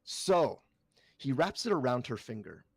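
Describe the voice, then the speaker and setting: A man at a tabletop game, narrating his character's actions in a rambling way with plenty of fillers. His voice is gravelly, and the recording is close and dry. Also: mid-range voice, big pitch swings, a little slow, no room sound. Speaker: player.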